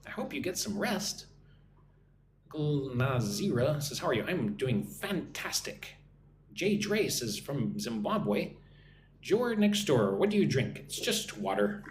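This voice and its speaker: A man's voice: on the high side, sing-song, slow pace, a little hiss or hum. An American man in his forties, an English teacher hosting a live-stream lesson, chatting casually as he reads viewer comments aloud and answers them. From United States. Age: 40s.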